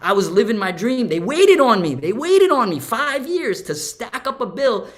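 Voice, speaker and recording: A man, a guest artist and educator, telling stories in a lively conversation, acting out quotes with big swings in his voice and slangy speech. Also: very high-pitched, normal speed, background noise. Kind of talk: animated storytelling conversation.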